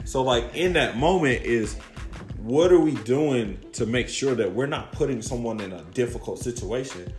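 A man's voice: mid-range voice, animated, moderate pace, a little mellow, roomy sound, faint music behind. A man talking reflectively on a podcast, earnest, repeating key phrases for emphasis. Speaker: podcast guest interviewer.

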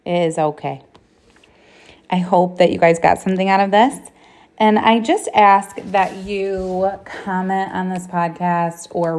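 A woman in her thirties hosts a solo podcast, her lowish voice gravelly and a little mellow. She talks candidly and bluntly, swearing a lot.

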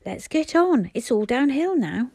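A woman's voice: high voice, big pitch swings, measured pace, warm tone, no room sound, pitched above the performer's own voice, full character voice. A woman doing a contrary little girl. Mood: blunt. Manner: blunt, contrary.

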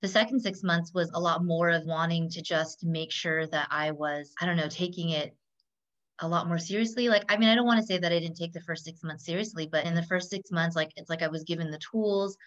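A woman's voice: fairly low pitch, a little fast, dull audio. A woman talking as a coaching client, chatty and full of fillers, often laughing. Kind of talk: casual conversation.

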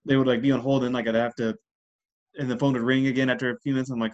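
Fast-talking male podcast co-host who rambles casually. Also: medium pitch, little pitch movement, a little mellow, dull audio. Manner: rambling, heavy use of "like". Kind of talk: casual chat.

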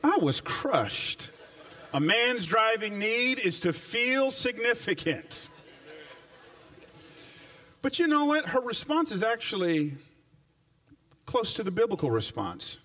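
A male pastor with a high voice that leaps up and down as he preaches. He hammers repeated phrases and slips into folksy, humorous asides to the congregation, and the mic picks him up from some distance. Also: sing-song, takes it slowly, pauses often, bright, forceful tone. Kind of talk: sermon. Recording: voice picked up from a distance.

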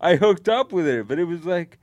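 A man's voice: high voice, lively intonation, fairly quick, a little mellow, dry recording, muffled recording. A young man on a podcast, casually telling a long story to friends, rambling with lots of fillers and swearing. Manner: rambling, laid-back, heavy swearing and fillers. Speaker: podcast co-host.

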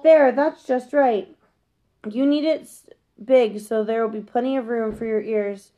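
A woman's voice: fairly high pitch, fairly even intonation, a little slow, warm tone, slight background noise, natural voice. A woman reading a storybook aloud, voicing a young boy who talks in a plain, sincere way. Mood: earnest. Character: young boy, earnest and easily hurt.

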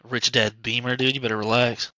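A man's voice: mid-range voice, flat delivery, a little fast, sharp tone, no room sound, rough recording. A young man telling a casual, swear-laced story about his family on a podcast. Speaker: podcast co-host. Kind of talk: casual chat.

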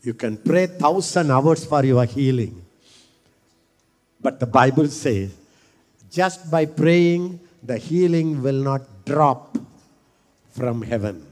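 Slow preacher in a hall. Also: male voice, on the high side, lively intonation. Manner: repetitive, builds from quiet to shouting. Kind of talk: sermon.

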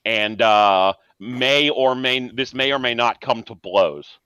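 Bright-voiced man running a tabletop game. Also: medium pitch, slow, smooth, no echo. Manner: casual, rambling with fillers. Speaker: game master. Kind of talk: narrating a tabletop role-playing game.

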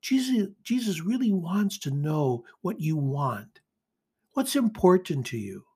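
A man's voice: on the high side, sing-song, unhurried, a little mellow, breathy edge. A man hosting a daily devotional podcast, reading scripture and giving an earnest, inviting reflection spoken straight to the listener.

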